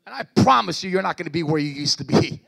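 Gravelly-voiced male pastor preaching. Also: fairly high pitch, expressive, quick pace, fairly bright tone. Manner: call-and-response preaching, urging the congregation. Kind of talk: sermon. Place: church service.

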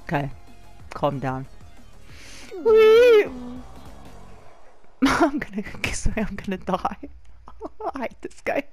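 A hoarse woman giggling, swearing and shrieking with excitement through her let's-play commentary, over faint game music. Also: fairly high pitch, takes it slowly, long pauses. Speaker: gamer.

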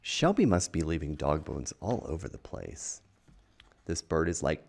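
Man, picture book read-aloud, playful, low gravelly voice, lively swooping pitch, unhurried. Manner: playful, chatty, enthusiastic. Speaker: children's book reader.

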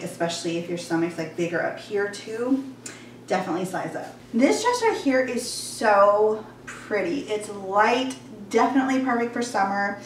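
A woman's voice: medium pitch, a little hiss or hum. A young woman chatting casually in a try-on haul, gushing over clothes with lots of fillers, slightly out of breath. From Georgia, US Southern. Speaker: fashion vlogger. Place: warm bedroom at home. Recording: echoey room, voice a bit far off.

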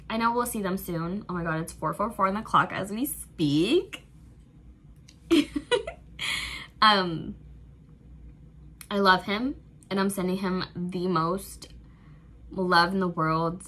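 A woman's voice: mid-range voice, a bit bright, slight background noise. A woman hosting a reaction video, gushing in casual fan chat and using "like" constantly. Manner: gushing, effusive, heavy use of "like".

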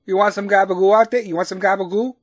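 A man's voice: high voice, fairly even intonation, fast, no echo, studio quality, voice pushed up. A man putting on a brash Jersey deli guy. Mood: pushy. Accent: New Jersey put-on. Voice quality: brash, pushy, exaggerated. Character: loud Jersey Italian-American man pushing deli meat.

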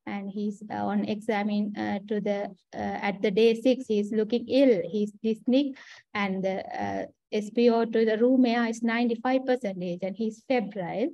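A woman's voice: medium pitch, fairly even intonation, normal speed, warm tone, no room sound, rough recording. A woman with a Sri Lankan accent giving a clinical case presentation, hesitant with many fillers and restarts. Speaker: trainee doctor presenting a case.

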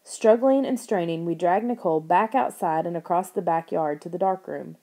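A woman reading a story aloud as audiobook narration, in an expressive telling voice. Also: fairly low pitch, normal speed. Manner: expressive reading, raises her voice for characters' lines.

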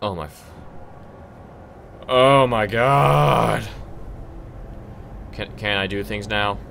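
A man's voice: lowish voice, extremely slow, creaky, a bit bright, soft background music. A young man doing let's play commentary, exasperated and swearing at his game. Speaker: gamer.

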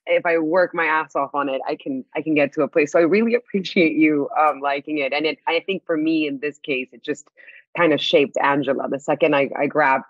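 A woman guest in a casual interview, talking in an animated way, laughing often and restarting her sentences. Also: sits low, fairly quick, dry recording, dull audio. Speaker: actress guest.

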